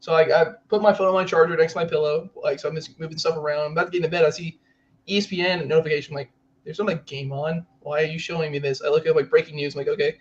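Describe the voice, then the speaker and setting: A young man co-hosting a sports podcast, rambling excitedly and saying "like" a lot. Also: a little high, very fast. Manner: rambling, heavy use of "like", excitable. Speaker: podcast co-host. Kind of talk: casual sports chat. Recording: slightly dull lo-fi audio.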